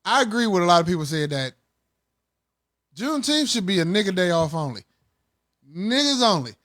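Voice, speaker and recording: A man's voice: sits high, sing-song, a little fast, fairly bright tone. A young man co-hosting a podcast in loose, profane, joking chat, laughing often into a close mic. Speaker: podcast co-host. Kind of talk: casual chat.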